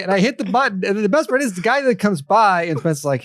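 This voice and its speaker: Guy, flight paramedic on a podcast, super animated, big pitch swings, laughs a lot, dry close mic. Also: fast talker, no room sound. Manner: animated, acts out quoted voices, laughs often. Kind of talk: casual storytelling.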